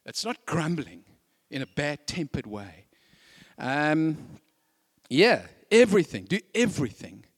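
Animated, lively male preacher. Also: a little high, slow pace. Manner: conversational, animated preaching with chatty asides. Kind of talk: sermon.

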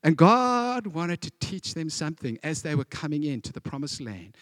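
A man preaching with a high voice. His delivery is animated, and he acts out stories and quotes. The sound is dry and close. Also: normal speed, few pauses, no room sound. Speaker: pastor. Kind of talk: sermon.

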